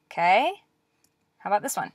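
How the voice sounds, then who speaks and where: A woman teaching a language lesson as a recorded lecture, explaining patiently step by step and leaving pauses for practice. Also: medium pitch, big pitch swings, breathy edge, no room sound.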